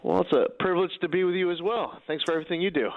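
A man calling in as a guest on a radio show, brisk and exasperated. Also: sits high, fairly even intonation, no room sound. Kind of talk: phone interview. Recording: tinny phone line.

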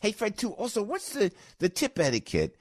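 A man's voice: high-pitched, wildly swooping pitch, normal speed, slightly rough, no echo, studio quality. A man hosting a radio show, chatting casually and laughing often. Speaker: radio host. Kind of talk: casual chat.

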